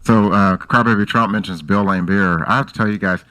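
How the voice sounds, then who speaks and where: A relaxed man in a casual chat, chuckling as he talks. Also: fairly low pitch, a little fast, a little hiss or hum, poor audio.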